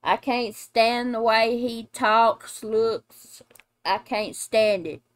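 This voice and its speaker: Slow, blunt, animated woman reacting. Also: fairly high pitch, no room sound. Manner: animated, blunt, laughs and exclaims. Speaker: reaction channel host, mother. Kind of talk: casual reaction chat.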